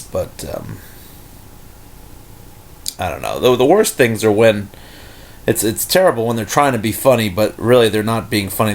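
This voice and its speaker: A man talking off the cuff in an irritated, rambling rant, full of fillers and restarts. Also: fairly low pitch. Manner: irritated, scornful. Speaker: video commentator. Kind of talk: unscripted rant.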